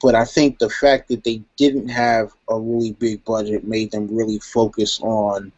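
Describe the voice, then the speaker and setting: A man's voice: lowish voice, level tone, moderate pace, a little mellow, no echo. Laid-back rambling man in casual chat. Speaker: guest in live chat. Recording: dry, dull lo-fi stream audio.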